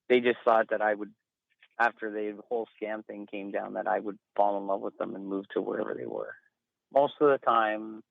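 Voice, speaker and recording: A man's voice: on the low side, gravelly, no room sound. Man on a tinny phone line. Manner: emphatic, rambling, exasperated. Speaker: interview guest. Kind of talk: casual phone interview. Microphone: phone call.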